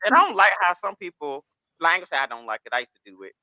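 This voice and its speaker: A man's voice: sits high, big pitch swings, rapid-fire, bright, forceful tone. A man as a podcast guest, telling candid stories in casual chat and slipping into the voices of people in them. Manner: candid storytelling, slips into voices of others.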